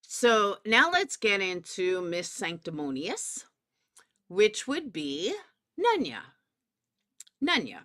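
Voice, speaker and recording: Slow and full of pauses, a woman's mid-range voice swoops wildly in pitch and sounds a bit bright. She's a Southern US commentary YouTuber ranting about drama, cursing, sarcastic, and calling people out directly.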